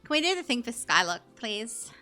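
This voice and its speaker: Woman streamer, bright and fairly high, rambling casual commentary while gaming. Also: sing-song, moderate pace. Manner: chatty, thinks aloud, many fillers.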